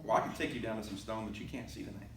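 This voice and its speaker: A man's voice: fairly low pitch, steady tone, racing, roomy sound, far from the mic, a little hiss or hum, poor audio. A male pastor giving a conversational sermon, reading scripture aloud and asking the congregation questions. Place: church sanctuary.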